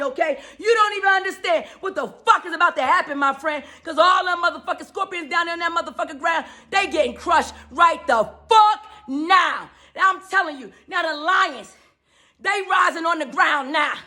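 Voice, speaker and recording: A woman delivering a fiery, profanity-laced spiritual rant, preaching and often shouting. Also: very high voice, normal speed. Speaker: spiritual speaker.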